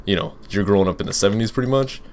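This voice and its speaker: A young man with a slightly low voice chats casually through a gaming Q and A, rambling and restarting his sentences. A faint steady hum sits under his home mic recording. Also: rapid-fire. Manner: rambling, full of fillers and restarts. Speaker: gaming YouTuber. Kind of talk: casual Let's Play commentary with Q and A.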